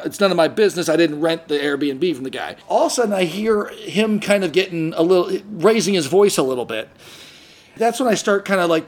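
A man hosting a podcast, telling a long story in a casual, animated way, acting out the people he quotes and often restarting his sentences. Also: high-pitched. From San Diego area. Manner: animated, acts out quoted voices, frequent restarts. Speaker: podcast host.

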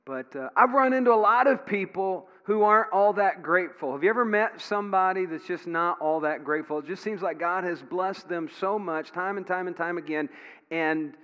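A man's voice: sits high, moderate pace, fairly bright tone, smooth. A middle-aged man preaching a sermon as pastor in a church, telling folksy stories with plenty of fillers. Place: church sanctuary. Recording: dull sound with long hall reverb.

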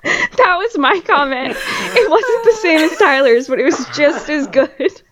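A woman hosting a podcast, retelling a TV episode in animated, laughing casual chat. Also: high-pitched, a little slow, background noise. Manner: animated storytelling, laughs often. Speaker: podcast host.

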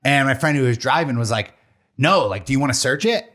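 A man's voice: mid-range voice, expressive, fairly quick, fairly bright tone. A young man in casual chat who swears freely and laughs along while telling a story.

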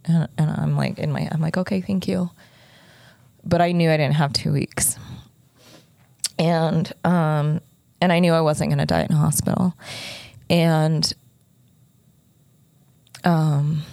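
Woman, low voice, gravelly fry, halting and earnest, many restarts, dry close recording. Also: level tone, darkish tone, no room sound. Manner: earnest, unguarded, close to tears. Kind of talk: emotional personal storytelling.

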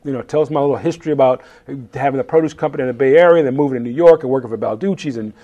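A man in his fifties, a chef telling stories in a casual interview, animated and laughing as he acts out quotes. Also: medium pitch, rapid-fire, muffled recording.

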